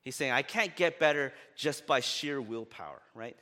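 A man's voice: normal speed, hardly any pauses. A male pastor preaching a sermon in a casual, conversational way, often rising for emphasis. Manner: animated, often rising in pitch and loudness for emphasis; conversational with fillers like "right?" and "like". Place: church. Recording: long reverb of a church hall.

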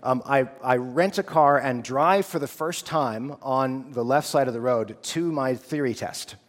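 Speaking a little slowly in a mid-range voice, an American man in his thirties who studies theology recounts his personal testimony. His storytelling is earnest and casual, and the recording carries a long hall reverb.

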